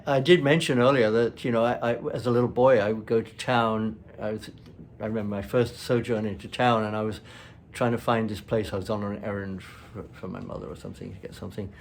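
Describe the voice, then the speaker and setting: A man's voice: lowish voice, steady tone, brisk, gravelly, slight background noise. A man with an upper-class English accent telling rambling stories on his vlog in a chatty way, full of fillers. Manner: chatty, laughs often, filler-heavy. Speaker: vlog host. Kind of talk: rambling anecdotal storytelling.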